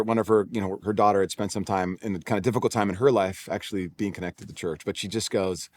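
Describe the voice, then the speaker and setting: A man's voice: fairly low pitch, a little hiss or hum. A man in his forties, a pastor with a Californian accent, telling a personal story in a sermon, conversational and self-deprecating with frequent restarts. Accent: Californian English. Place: church auditorium.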